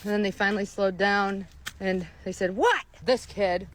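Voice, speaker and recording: A woman's voice: medium pitch, little pitch movement, moderate pace, slight background noise. A middle-aged woman in a self-filmed social media video, recounting events outdoors in an urgent, insistent way. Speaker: mother posting videos.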